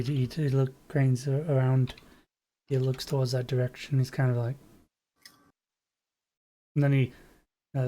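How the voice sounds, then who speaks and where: A man's voice: medium pitch, dark tone. Man narrating as game master. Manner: loose, halting narration with fillers.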